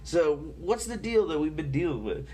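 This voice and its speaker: Indignant sarcastic online show host. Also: male voice, fairly high pitch, sing-song, normal speed, mellow. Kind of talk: complaining commentary.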